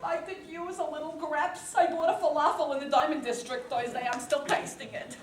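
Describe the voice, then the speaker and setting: A woman's voice: sits high, steady tone, fairly quick, background noise, close to an everyday voice. Woman doing a wisecracking Jesus. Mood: schmoozing. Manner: switches between pious preaching and wisecracking haggling. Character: schmoozing Yiddish-talking carpenter Jesus, male, money-minded. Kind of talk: amateur Purim comedy play. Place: synagogue stage. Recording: echoey hall.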